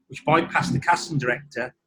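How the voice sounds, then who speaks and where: A man's voice: medium pitch, brisk, bright, forceful tone. A man from Birmingham with a Birmingham accent, an actor talking as a podcast guest in a rambling way with many restarts. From Birmingham, England. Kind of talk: casual podcast chat.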